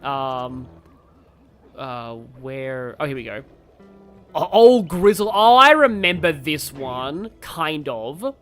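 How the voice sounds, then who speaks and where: A let's play streamer chatting loosely over a game, wandering between topics and reading chat aloud with many ums and likes. The pitch swings lively up and down, with faint game music underneath. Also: slow pace. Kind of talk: casual let's play commentary. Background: game audio.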